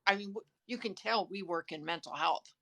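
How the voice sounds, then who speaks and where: A woman of middle pitch talks earnestly on a phone live stream, sharing advice. She pauses and restarts her sentences as she thinks out loud. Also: no room sound. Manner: earnest, shares tips, halting restarts. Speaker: author and co-host. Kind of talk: casual live-stream chat.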